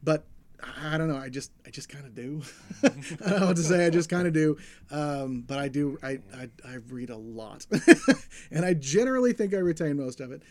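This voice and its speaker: A young adult man with a somewhat high voice chats casually about comic books as a podcast co-host. He is an enthusiastic storyteller who acts out the characters he describes. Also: lively intonation, moderate pace, darkish tone. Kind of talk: casual comic book chat.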